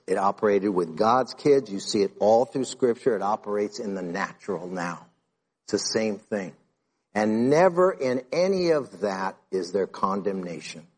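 Husky-voiced man preaching casually. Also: medium pitch. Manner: conversational preaching, retelling talks with rising intensity. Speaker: pastor. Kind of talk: sermon.

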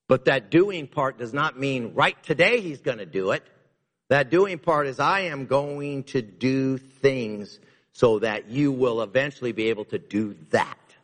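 A man preaching a sermon as pastor, emphatic, repeating key lines and moving between loud and hushed delivery. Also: mid-range voice, unhurried. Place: church. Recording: long reverb of a church hall.

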